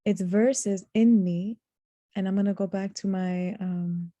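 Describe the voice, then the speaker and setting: A woman giving a reflective religious lesson, speaking earnestly, slowing down to stress key words and reciting short Arabic verses. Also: mid-range voice, fairly even intonation, mellow, no echo, lo-fi sound. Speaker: Quran teacher.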